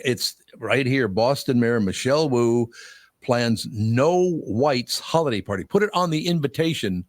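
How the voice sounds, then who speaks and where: Heard in a studio-quality recording with no echo, this talk-show host speaks in a mid-range voice. He's an older man who spins stories in a blunt, easygoing style on casual radio, laughing readily.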